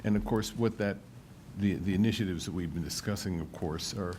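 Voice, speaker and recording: A man at a committee meeting speaks in a very low, deep voice. He explains draft wording in halting, stammering phrases over a faint rumble. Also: darkish tone. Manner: halting, reads wording slowly. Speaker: committee member. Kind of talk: formal meeting discussion.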